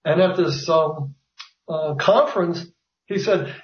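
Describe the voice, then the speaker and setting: A slightly high-voiced man talks haltingly, full of ums and restarts, as an author in an interview. He sounds set back from the mic in a roomy space, and the audio is dull. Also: recorded from a distance. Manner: hesitant, many fillers and restarts. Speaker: author guest. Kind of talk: conversational interview.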